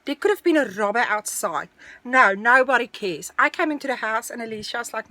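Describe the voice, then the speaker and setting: Chatty woman spilling a wild story, high bright voice jumping all over, dry close mic. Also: fairly quick, no room sound. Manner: animated, breathless storytelling, dramatic retelling. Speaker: vlogger telling a personal story. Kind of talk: casual storytime.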